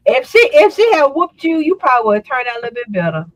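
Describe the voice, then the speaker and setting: A woman's voice: sits high, big pitch swings, fast talker, poor audio. Dry, teasing female co-host. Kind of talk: casual chat.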